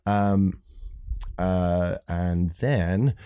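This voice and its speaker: A man's voice: low-pitched, drawn-out words, clean tone, no room sound, clean studio sound. A man with an Irish accent, a guest telling stories in a casual chat, rambling and acting out the quotes he tells. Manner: rambling, animated, acts out quotes. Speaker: podcast guest, saxophonist.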